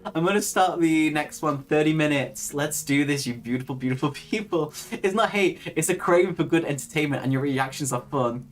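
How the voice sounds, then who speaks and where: Very low-voiced chatty woman. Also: a little fast, hardly any pauses, soft background music. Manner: chatty, reads comments aloud, laughs often. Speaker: livestream host. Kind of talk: casual live-stream chat.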